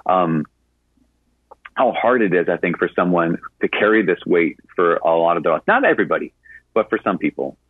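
Husky-voiced priest on narrowband radio. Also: male voice, low voice, sing-song, moderate pace, dry recording. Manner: conversational storytelling with frequent fillers. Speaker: Catholic priest. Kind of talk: answering a caller on a radio show. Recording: narrowband radio broadcast sound.

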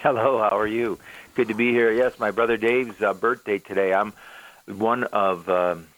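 Older man, low voice, rambling. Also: steady tone, moderate pace, a bit bright, highs cut off. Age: 70s. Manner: rambling, digressive. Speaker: radio guest, theologian. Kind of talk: call-in radio conversation.

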